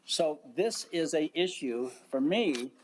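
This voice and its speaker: A county commissioner speaking at a public board meeting, halting and deliberate, with frequent fillers and restarts. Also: male voice, on the high side, expressive, slight background noise.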